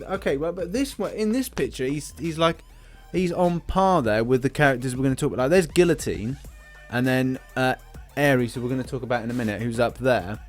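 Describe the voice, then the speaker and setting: British male gaming host, mid-pitched, casual and rambling, with light music in the background. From Britain. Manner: rambling, lots of fillers and restarts. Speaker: game channel host. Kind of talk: casual game commentary.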